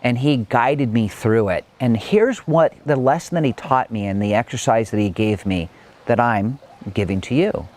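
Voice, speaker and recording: A middle-aged man giving a personal motivational talk from his home, earnest and reflective, chatty and sometimes animated. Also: medium pitch, normal speed. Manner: earnest and reflective, chatty with frequent "like" and "you know"; animated when recounting, with light laughs. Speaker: motivational speaker.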